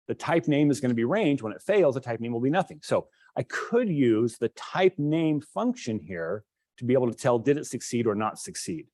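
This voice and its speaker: A man's voice: on the low side, a little mellow, dry recording. Man lecturing on code in a dry room. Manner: explains while demonstrating code, thinking aloud with restarts. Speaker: instructor. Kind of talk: classroom lecture.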